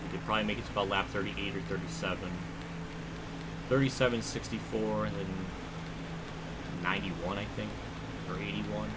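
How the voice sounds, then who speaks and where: A man's voice: lowish voice, steady tone, normal speed, pauses often, very noisy. A young man streaming a racing game live, casually thinking aloud about his race as he drives. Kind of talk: live gameplay commentary.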